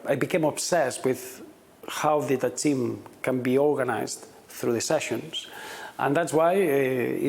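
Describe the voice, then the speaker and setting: Halting, gravelly-voiced football manager. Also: male voice, mid-range voice, a little mellow. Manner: hesitant, often repeats words when starting sentences. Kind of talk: interview answers, reflective.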